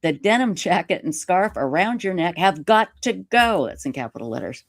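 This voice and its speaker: A woman live streamer telling a story in casual interview chat, animated and self-mocking, laughing often. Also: on the low side, normal speed, dry recording, clean studio sound. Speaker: YouTube live streamer reading a letter.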